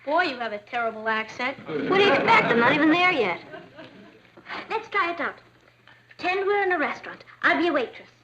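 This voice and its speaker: An actress playing a bubbly, excitable teenage girl in a 1960s sitcom, eager and wisecracking. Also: high voice, fairly quick, pauses often, muffled recording, a loud crowd. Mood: excited. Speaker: daughter.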